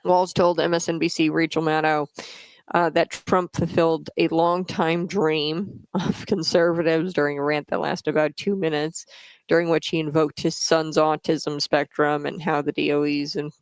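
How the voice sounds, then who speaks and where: A woman's voice: low-pitched, level tone, moderate pace, smooth, dry recording. A woman hosting a casual political commentary show, chatty and conversational, often checking in with "okay?" and sometimes stumbling over names. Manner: chatty, frequently tags "okay?".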